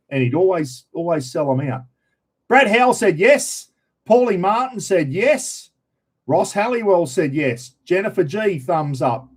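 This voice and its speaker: A middle-aged Australian man talks casually to his livestream audience in a fairly high voice. He rambles from one story to the next, full of slang, and keeps addressing his viewers as everyone. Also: a little mellow. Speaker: livestream host.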